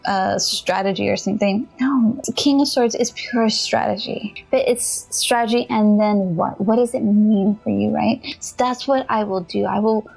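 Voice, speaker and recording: Brief: casual tarot-tutorial host, woman, higher voice with some vocal fry, chatty and giggly, faint music underneath. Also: unhurried, few pauses. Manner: chatty, giggly, animated, talks to viewers directly. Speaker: tarot reader and channel host.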